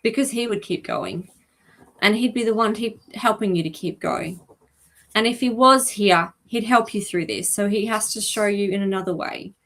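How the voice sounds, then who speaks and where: A woman hosting a live stream as an animal communicator, talking gently and chattily with many ums and asides. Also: medium pitch, moderate pace. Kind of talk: live-stream reading for viewers.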